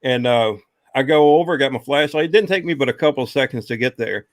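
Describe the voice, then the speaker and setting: A man's voice: medium pitch, fast, no room sound, clean studio sound. A man telling a long personal ghost story in a casual, rambling way, with many fillers.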